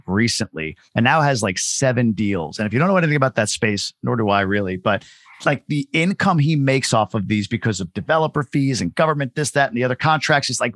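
A man hosting a podcast talks quickly and candidly, spinning stories full of quoted back-and-forth. His voice sits in a middle range and sounds dry, close to the mic. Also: mid-range voice, fairly bright tone, no echo. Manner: fast, candid, storytelling with quoted dialogue. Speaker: podcast host. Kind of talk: casual conversation.

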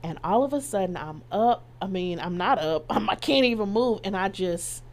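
A woman's voice: medium pitch, expressive, moderate pace. A middle-aged woman telling a personal story as an interview guest, acting out the quoted voices and laughing as she goes.

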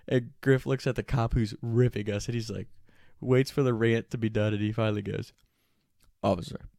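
Animated profane storyteller, young man. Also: mid-range voice, brisk, no room sound, clean studio sound. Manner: animated, profane, laughing while telling. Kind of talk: casual storytelling.

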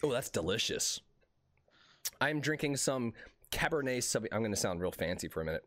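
A man's voice: mid-range voice, a little fast, dry recording. A man in his thirties, co-hosting a podcast in casual, joking chat, often saying dude and bro. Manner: animated, joking, says dude and bro a lot. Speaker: podcast co-host.

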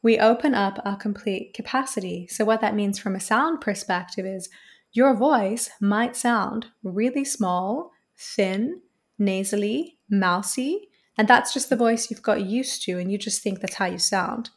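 An earnest woman talks at length as an interview guest, in a voice of middling pitch. She builds her points through repeated phrases and a steady, flowing delivery. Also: a little slow. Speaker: voice coach guest. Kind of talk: reflective interview answer.

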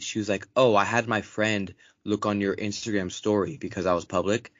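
A man's voice: fairly low pitch, fairly quick, no room sound. A young man co-hosting a podcast, telling a story in casual chat, swearing often and acting out other people's lines in a raised voice. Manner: profane, animated, acts out quotes in raised voice. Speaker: podcast co-host. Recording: dull lo-fi dry recording.

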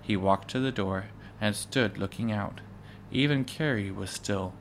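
A man reading a children's book aloud, measured and with occasional stumbles. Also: lowish voice, a little hiss or hum. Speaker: reader.

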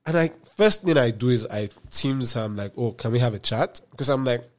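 Animated young man telling a story. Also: a little fast. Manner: animated, swings between loud outbursts and low muttered asides. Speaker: podcast guest. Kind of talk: casual storytelling chat.

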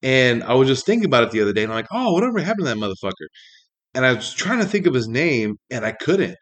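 A man's voice: mid-range voice, very animated, fast talker, fairly bright tone. A man ranting casually in a monologue, exasperated and profane, rambling with many fillers.

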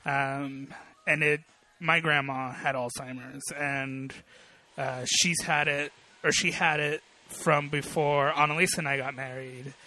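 A man's voice: mid-range voice, fairly even intonation, slow, pushed and bright, slight background noise. A man co-hosting a casual chat, telling a personal memory in an earnest, reflective way with many hesitations.

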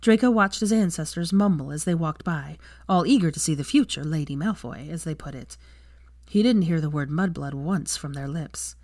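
A woman reading fan fiction aloud as a steady storybook narration. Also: sits low, moderate pace, no room sound, clean studio sound.

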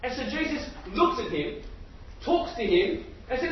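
High-voiced preacher in an echoey hall. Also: male voice, unhurried. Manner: animated storyteller who asks the crowd questions. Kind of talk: sermon. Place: large hall with an audience. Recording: echoey hall, distant mic, dull sound, faint noise.

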